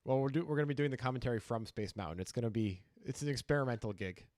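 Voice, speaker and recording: Dude breaking down poker hands, dry wry jokes, close dry mic. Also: male voice, mid-range voice, rapid-fire, darkish tone, no room sound. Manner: dry, wry humor mixed with hand analysis. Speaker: poker commentator. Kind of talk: casual live-stream commentary.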